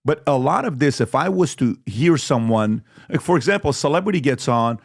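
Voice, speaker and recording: A man hosting an interview, asking animated questions and acting out what other people say. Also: mid-range voice, brisk, no echo, studio quality.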